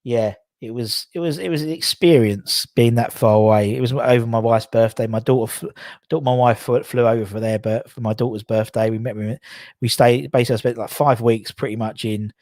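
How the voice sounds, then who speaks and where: A man's voice: medium pitch, fairly even intonation, a little fast, a little mellow, dry recording, clean studio sound. A man hosting a casual live stream, rambling and correcting himself as he chats with viewers from home. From England. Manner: rambling, self-correcting, chatty.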